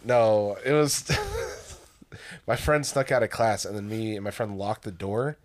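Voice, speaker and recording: A man's voice: fairly low pitch, sing-song, slow pace. A young man co-hosting a podcast, telling school stories in casual chat and laughing often as he talks. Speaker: podcast co-host.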